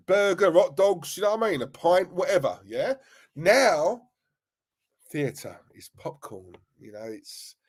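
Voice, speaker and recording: Animated man ranting about football. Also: sits high, breathy edge. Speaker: fan channel host. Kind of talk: livestream football rant.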